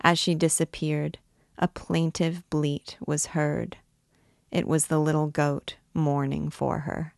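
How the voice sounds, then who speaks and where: A woman hosting a read-along, reading a classic novel in a measured, steady way. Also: low-pitched, creaky, no echo, clean studio sound. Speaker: reader, host. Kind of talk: audiobook reading.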